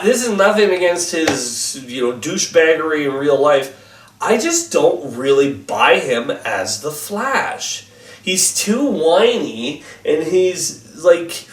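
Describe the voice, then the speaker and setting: A man's voice: a little high, recorded from a distance. Rambling man reviewing a film, echoey. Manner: rambling, many fillers and restarts. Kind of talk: casual spoken review.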